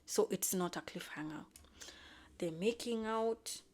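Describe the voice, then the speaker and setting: A woman in casual chat, recapping a show in an animated, sassy way. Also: medium pitch, measured pace.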